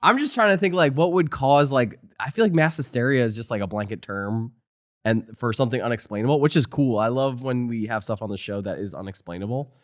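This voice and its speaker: A man's voice: medium pitch, fairly quick, dry recording, studio quality. A man from New Jersey co-hosting a podcast in casual chat, laid-back and joking as he rambles. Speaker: podcast co-host.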